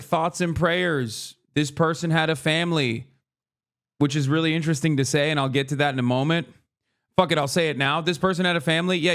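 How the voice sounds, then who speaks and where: A man's voice: on the high side, smooth. A man hosting his show, ranting with profanity and mocking the voices of others. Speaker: streamer and show host. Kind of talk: ranting commentary.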